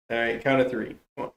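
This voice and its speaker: A man's voice: medium pitch, vocal fry, roomy sound. A young man streaming a game, chatting casually with teammates, joking and laughing often. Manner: jokey, laughs often, quick reactions. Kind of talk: casual gameplay chat.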